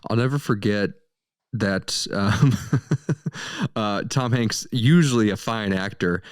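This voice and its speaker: A man's voice: on the low side, slow pace, clean tone, dry recording, studio quality. A man co-hosting a movie review podcast, joking around in easy, casual banter. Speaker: podcast co-host.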